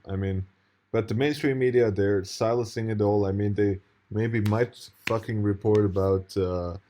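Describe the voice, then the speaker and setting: A man with a fairly low, darkish voice comments casually on a video he's playing. He's indignant and rambling, swearing now and then, restarting and laughing.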